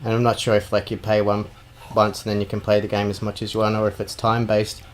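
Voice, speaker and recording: A man with an Australian accent, co-hosting a casual podcast and telling stories in a sweary, animated way. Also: fairly low pitch, fast talker. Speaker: podcast co-host. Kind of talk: casual chat.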